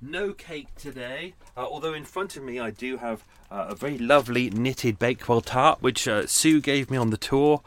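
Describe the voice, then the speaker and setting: A man's voice: medium pitch, normal speed, few pauses. A man hosting his podcast in a casual, rambling, self-deprecating chat with many restarts. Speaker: podcast host. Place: at home on a boat.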